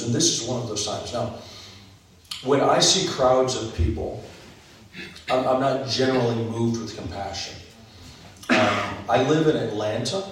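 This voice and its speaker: Man preaching in a big echoey hall. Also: mid-range voice. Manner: earnest, builds up in places, frequent ums and restarts. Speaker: pastor. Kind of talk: sermon. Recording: echoey hall from far off, faint noise.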